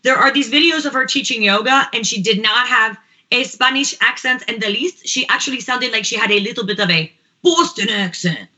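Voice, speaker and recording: A woman panelist on a talk show, assertive and opinionated, with quick asides. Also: fairly high pitch, sharp tone, poor audio. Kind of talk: casual panel chat.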